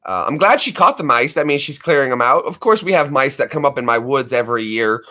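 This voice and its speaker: Animated chatty man, bright voice. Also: medium pitch, fast talker. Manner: rambling, animated, does voices for pets. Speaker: livestream host. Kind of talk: casual chat.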